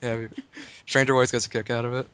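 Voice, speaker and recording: A man's voice: mid-range voice, level tone, fast talker, fairly bright tone, clean tone, no room sound. A man in a casual podcast chat who explains things at length in a rambling, hesitant way.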